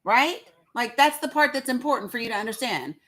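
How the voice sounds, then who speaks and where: A woman hosts a casual livestream of live commentary, speaking emphatically and repeating words for effect. Her voice is fairly high, expressive, brisk and fairly bright.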